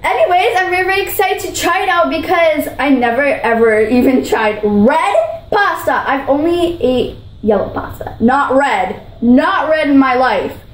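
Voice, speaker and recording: A woman's voice: sits high, lively intonation, unhurried, roomy sound, poor audio. A female vlogger talking in a bubbly, gushing way while she taste-tests food, repeating her praise. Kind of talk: food challenge vlog.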